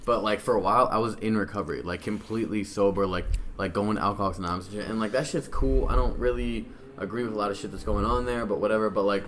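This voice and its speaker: A young man with a Midwestern American accent, his voice sitting on the low side. He rambles through a casual podcast chat, swearing freely and calling his friend bro. He sips beer as he talks. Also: quick pace, a bit bright, a little hiss or hum. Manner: rambling, slangy and profane, keeps saying bro; drinking beer while talking. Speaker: guest. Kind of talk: casual conversation.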